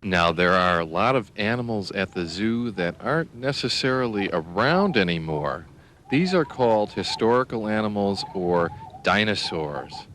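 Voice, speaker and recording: A man gently explaining animals and dinosaurs to young children. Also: on the low side, lively intonation, moderate pace, slight background noise. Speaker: children's video narrator. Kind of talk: teaching children about animals.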